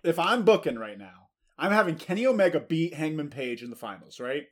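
A man co-hosts a laid-back podcast, trading jokes and easygoing opinions. His voice sits a little higher than most men's. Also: very animated, brisk. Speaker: podcast co-host. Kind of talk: casual chat.

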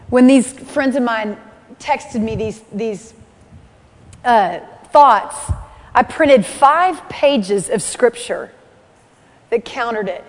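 A woman delivering an earnest sermon at a church service, repeating key phrases and building to emphatic peaks. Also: on the high side. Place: church hall. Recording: long hall reverb.

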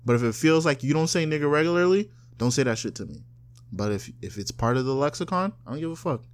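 Animated, profane man in casual chat. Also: fast. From South Florida. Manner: loose, profane, animated, mocks others in high put-on voices. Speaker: podcast co-host.

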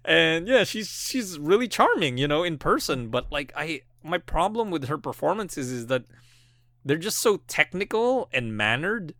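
A man's voice: fairly high pitch, very animated, unhurried, fairly bright tone, no echo, studio quality. A man co-hosting a film podcast in casual chat, rambling with many fillers and restarts and laughing often. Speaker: podcast co-host.

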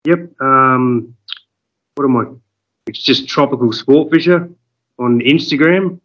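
An Australian man, a fishing guide and podcast guest, talking in a relaxed, hesitant way full of fillers. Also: mid-range voice, slow pace, lo-fi sound. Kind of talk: casual podcast interview.

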